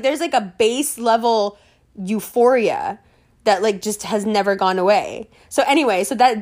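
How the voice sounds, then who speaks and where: A young woman from New York City telling a story in casual chat, animated and full of laughter, with lots of fillers and swearing. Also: medium pitch.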